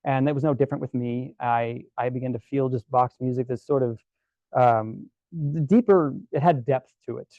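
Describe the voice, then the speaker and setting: A man giving a casual storytelling presentation to a club, relaxed and chatty with many fillers and restarts. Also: medium pitch, normal speed, no echo, highs cut off. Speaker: guest presenter at a camera club.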